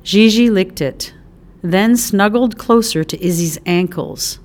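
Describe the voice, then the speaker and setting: A woman narrating an audiobook with an expressive, animated delivery. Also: medium pitch, slow.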